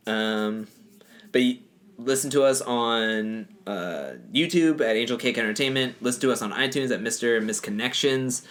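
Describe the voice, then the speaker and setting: A man's voice: medium pitch, fairly bright tone. Male comedy podcast co-host, casual and joking, mid-range voice. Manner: joking, laughs between lines.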